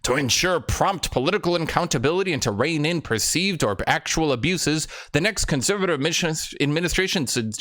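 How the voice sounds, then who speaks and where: Young male streamer, sarcastic and exasperated, swears often, voice rises and falls a lot, slightly high. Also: fairly bright tone. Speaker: political commentary streamer. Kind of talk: live-stream commentary reading documents to chat.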